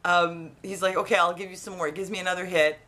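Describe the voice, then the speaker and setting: Woman, casual storytelling, low-pitched, bright tone, rambling, animated. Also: fast. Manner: animated, rambling retelling with many restarts. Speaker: vlogger.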